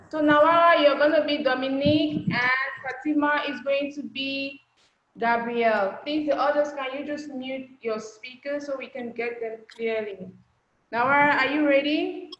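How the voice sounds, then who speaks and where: A woman leads an online class in a high, sharp-toned voice, slowing down patiently to model each phrase. Her call audio is dull and lo-fi, with a roomy echo and a faint hiss behind it. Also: steady tone. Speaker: language teacher. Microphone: video call.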